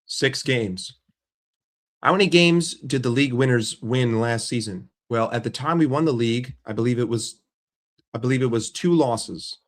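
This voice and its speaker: A man ranting as a football fan vlogger, blunt and sarcastic, with swearing and repeated phrases. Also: medium pitch. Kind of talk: casual fan rant to camera.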